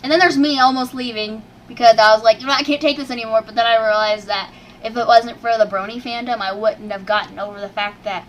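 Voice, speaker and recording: A woman's voice: on the high side, fairly even intonation, brisk, highs cut off. A woman co-hosting a casual chat, talking in a hyper, giggly way. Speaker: co-host.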